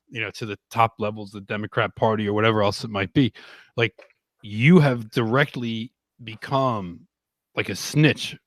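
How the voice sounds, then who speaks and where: A man ranting about politics on a livestream, getting heated and loud in bursts. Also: on the low side, no room sound. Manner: ranting, rising to loud outbursts. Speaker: podcast guest.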